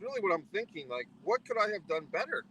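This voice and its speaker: A man's voice: high-pitched, big pitch swings, fast talker, bright, forceful tone, slight background noise, poor audio. A man vlogging a foul-mouthed, exasperated anecdote, mock-philosophical as he spells out its lessons. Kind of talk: profane ranting anecdote to camera.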